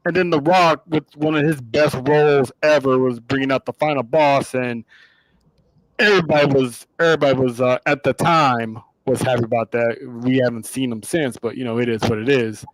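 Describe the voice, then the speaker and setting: A man's voice: mid-range voice, fairly even intonation, normal speed, dry recording, poor audio. A man co-hosting a podcast, talking in a casual, rambling way with restarts. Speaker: podcast co-host. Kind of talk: casual chat.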